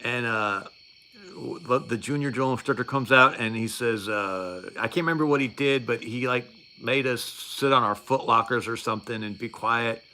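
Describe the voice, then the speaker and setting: A man's voice: mid-range voice, normal speed, pushed and bright, a little hiss or hum. A middle-aged man telling a story in a casual, rambling, wry way, with many fillers and restarts.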